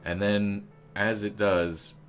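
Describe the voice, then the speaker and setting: A low-voiced man running a tabletop game as game master, speaking slowly and deliberately. He rambles, filling gaps with ums and likes and tossing in silly asides, with faint music underneath. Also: little pitch movement. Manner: rambling, many fillers, jokey asides.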